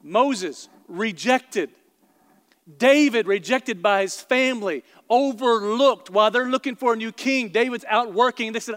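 A man with a high, bright-pitched voice preaches to a packed church. Long reverb trails each phrase through the big hall, and he tells stories with lively asides to the crowd. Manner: animated storytelling, quick asides to the congregation. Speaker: pastor. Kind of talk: sermon. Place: large church auditorium before a congregation.

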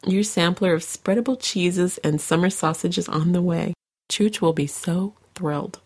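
A woman's voice: fairly low pitch, creaky, a little mellow. A woman co-hosting a podcast, reading out listener comments in a chatty way, laughing often, her throat sore from coughing. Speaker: podcast co-host. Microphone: home podcast microphone.

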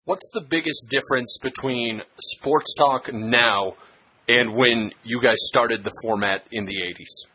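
A man's voice: mid-range voice, a little slow, bright, forceful tone, slight background noise, poor audio. A man hosting a podcast, asking brief, easygoing interview questions.

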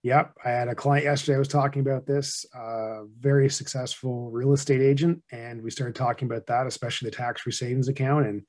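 A man's voice: mid-range voice, little pitch movement, a little fast, few pauses, darkish tone. Plain-spoken man explaining finance. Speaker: financial advisor guest. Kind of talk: casual podcast interview.

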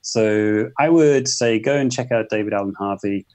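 A man's voice: fairly low pitch, moderate pace, a little mellow. A man, a photographer guest talking thoughtfully in a casual interview, with frequent restarts. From England. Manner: thoughtful, hesitant, many restarts.

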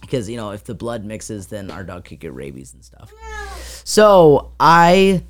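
A podcast co-host with a very deep voice and wildly swooping pitch speaks unhurriedly in a casual chat. She rambles through a long story packed with fillers, acting out sounds along the way.

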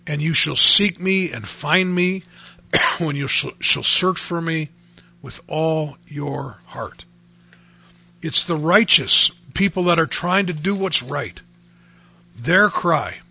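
A man's voice: a little high, slow, vocal fry, pauses often, sharp tone, breathy edge. A middle-aged man preaching on a radio show, earnestly quoting scripture in old-fashioned wording. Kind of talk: radio sermon.

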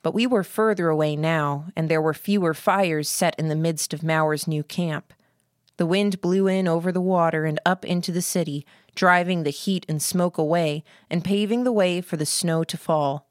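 A woman reading a novel aloud in a steady, even storytelling manner. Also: on the low side, normal speed, dry recording, studio quality. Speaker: audiobook narrator. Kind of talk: scripted narration.

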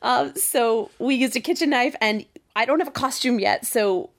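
Woman host, fairly high voice, teasing and bubbly with easy laughs. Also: normal speed. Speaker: podcast host. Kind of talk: casual interview chat.

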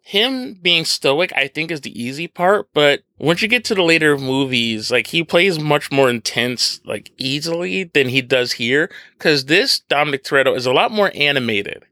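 A man co-hosting a casual film review podcast, animated and joking, with playful mock impressions. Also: fairly high pitch, normal speed, hardly any pauses, dry recording, studio quality. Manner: animated, laughs often, does mock impressions. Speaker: podcast co-host.

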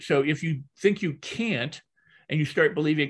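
A guest trainer and hypnotist, an older man, teaches through stories in a lively, conversational style, repeating phrases as they build. He speaks at a normal speed in a fairly high voice.

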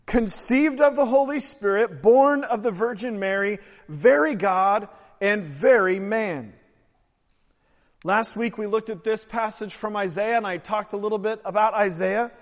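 A man preaching a sermon as pastor, emphatic and swelling louder on key phrases. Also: high voice, measured pace. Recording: long hall reverb.

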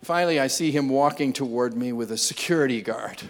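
An older man preaching a sermon, telling funny family stories and building to loud, impassioned appeals. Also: mid-range voice, brisk. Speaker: pastor. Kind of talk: sermon with humorous storytelling.

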